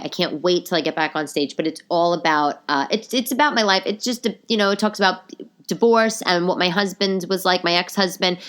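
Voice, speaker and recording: A middle-aged woman hosting her own podcast, a little nasal today, chatting and telling rambling stories with lots of asides. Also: sits low. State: a bit nasal from a cold. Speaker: podcast host. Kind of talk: casual solo podcast chat.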